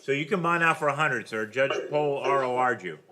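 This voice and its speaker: A man presiding as judge over bond hearings in a courtroom, briskly and formally reading out charges and bond amounts. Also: mid-range voice, sharp tone. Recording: noisy courtroom recording.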